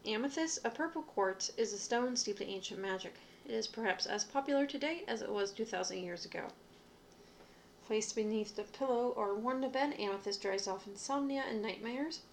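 A woman's voice: on the high side, normal speed, a little hiss or hum. A young adult woman, hosting a witchcraft show, reads entries aloud from reference books in a casual way, stumbling now and then and adding asides. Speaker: witchcraft podcaster.

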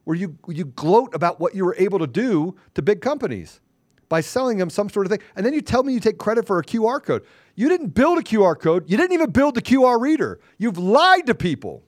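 Very animated and fairly quick, a podcast host with a high voice delivers a heated rant that is combative, confrontational, and taunting, using mild cursing and repeating phrases for emphasis. The recording is dry and studio quality.

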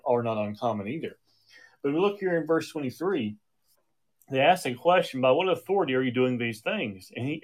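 A man preaching a sermon in a conversational way, often restarting his sentences, with an occasional cough. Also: mid-range voice. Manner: conversational with frequent restarts and fillers.

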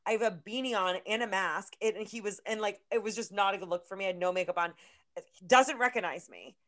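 A young woman co-hosting a podcast, telling a story in a loose, animated and profane way, full of filler words. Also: mid-range voice, quick pace. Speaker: podcast co-host. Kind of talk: casual chat, storytelling.

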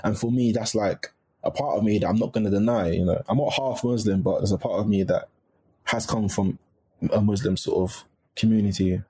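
A man's voice: on the low side, steady tone, brisk, mellow, breathy edge. A young man talking as a podcast guest in a casual, chatty way with frequent restarts and laughs.

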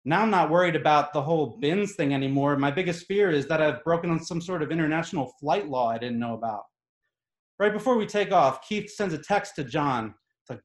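A man telling a comic personal story on stage in an animated, exasperated, emphatic way. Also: on the high side, brisk. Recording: echoey room.

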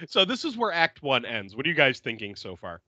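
A man hosting a podcast, recapping a film in a casual, animated way, laughing often and swearing freely. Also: mid-range voice, a little fast, dry recording, dull audio. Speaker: podcast host.

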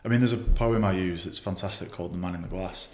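Young guy, rapid blunt podcast guest, fairly low voice, swears a lot, echoey room. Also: steady tone, darkish tone. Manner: blunt, frequent swearing, many restarts. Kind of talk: casual interview chat.

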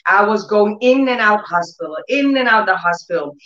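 A woman giving an emotional sermon testimony. Her speech grows more intense as she moves into near-shouting proclamations. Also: medium pitch, expressive, moderate pace. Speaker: testimony speaker. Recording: echoey room, dull lo-fi sound.

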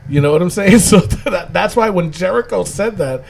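A man's voice: sits high, lively intonation, normal speed, vocal fry, darkish tone, slight background noise. A man hosting a casual wrestling recap chat, rambling and laughing often as he talks. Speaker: podcast host.

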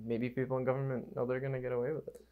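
Young male podcast guest, relaxed, self-deprecating, loose filler-heavy delivery. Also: medium pitch, rapid-fire, phone-quality sound. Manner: laid-back and self-mocking, swears, hedges with "like". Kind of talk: casual chat.

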